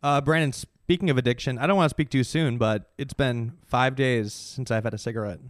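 A man's voice: mid-range voice, no echo, clean studio sound. A man co-hosting a podcast in loose, joking casual chat. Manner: loose, joking, quick to riff. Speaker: podcast co-host.

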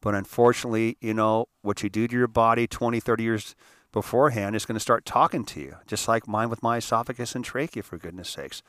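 An older man tells a personal story in a rambling, emphatic way, often swinging from hushed to forceful. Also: fairly low pitch, fast, no echo, clean studio sound. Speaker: host.

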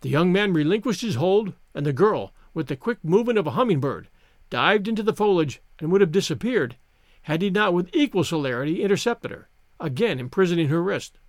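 Expressive male audiobook narrator. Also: high-pitched, no room sound, clean studio sound. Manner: measured, expressive storytelling.

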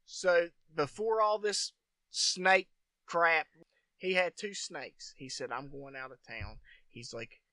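A man's voice: fairly high pitch, takes it slowly, pushed and bright, no echo. A man hosting a podcast, telling long profane stories in casual chat, laughing often. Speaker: podcast host.

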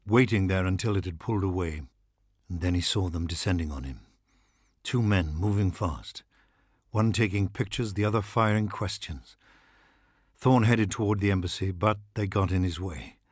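A man narrating a horror novel as an audiobook, measured and somber. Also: lowish voice, breathy edge, no room sound, clean studio sound.

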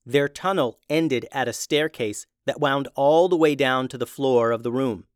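A man narrating a children's fantasy adventure in a steady, even reading voice. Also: medium pitch, normal speed, smooth, no echo, studio quality. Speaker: storyteller.

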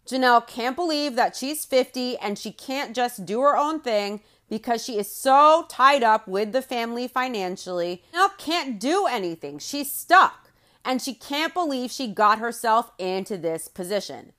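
A woman hosting a podcast, giving opinionated, indignant reality-show recap commentary with big swings in loudness and pace. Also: a little high, expressive, moderate pace. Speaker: podcast host.

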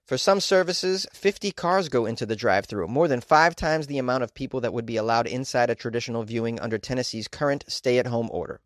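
A man's voice: mid-range voice, no room sound, clean studio sound. A man hosting a casual show, reading news stories aloud and chatting about them with joking asides and many fillers. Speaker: host reading and commenting on news.

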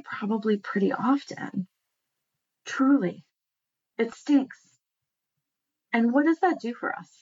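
A woman's voice: a little high, muffled recording. A woman talking casually and earnestly about communication, asking many rhetorical questions. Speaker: speaker on communication. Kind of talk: casual monologue.

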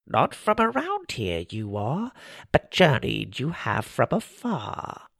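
A man voicing a small, mossy, riddling forest gnome who speaks in rhymes with twisted word order, in a nasal, gravelly voice. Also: medium pitch, huge pitch swings, slow, a bit bright, dry recording, clean studio sound, full character voice. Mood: cryptic. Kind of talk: storybook character voice.

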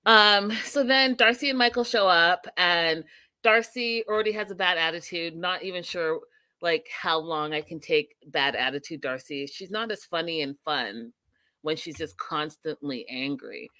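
A woman's voice: on the low side, normal speed, bright, forceful tone, no room sound. A young adult woman hosting a casual reality TV recap, chatty and opinionated, with playful asides to her viewers.

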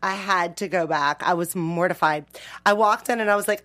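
A woman telling a personal story as an interview guest, expressive and dramatic, often laughing. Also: lowish voice, moderate pace. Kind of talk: animated storytelling.

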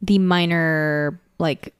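A woman's voice: sits low, fairly even intonation, very slow, clear, resonant tone. A woman co-hosting a casual podcast, laughing often and rambling with lots of fillers. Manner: giggly, rambling, many fillers. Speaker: podcast co-host.

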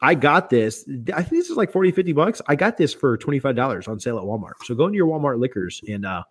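A man's voice: mid-range voice, very animated, fast, husky. A man hosting a casual bourbon review chat, teasing his co-host playfully and reading labels aloud.

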